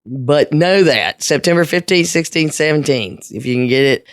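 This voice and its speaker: A woman co-hosting a podcast in casual chat, low-key, often trailing off and restarting. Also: lively intonation, moderate pace, few pauses, no room sound, studio quality. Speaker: podcast co-host.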